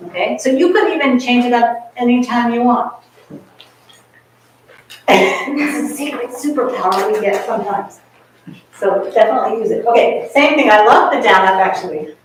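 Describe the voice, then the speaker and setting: A woman's voice: on the high side, slight background noise. A woman coaching a chamber group in a masterclass, encouraging and chatty, often singing rhythms on nonsense syllables. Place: rehearsal room in a community center. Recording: echoey room, miked from a distance.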